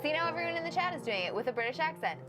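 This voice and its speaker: A woman's voice: high voice, big pitch swings, rapid-fire. A woman co-hosting a gaming livestream, teasing and often laughing. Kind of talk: playful livestream chat. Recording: game stream with music behind.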